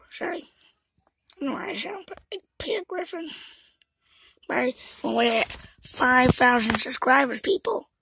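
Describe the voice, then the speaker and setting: Very high, creaky-voiced female vlogger. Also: fairly bright tone, low-quality recording. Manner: rambling, often drops to a whisper. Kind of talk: casual rambling chat to camera.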